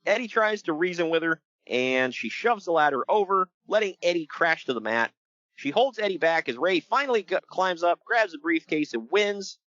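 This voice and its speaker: A man chatting casually on a podcast about wrestling, laughing often and acting out quotes in a high voice. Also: lively intonation, moderate pace, fairly bright tone, dry recording, dull audio. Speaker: podcast host.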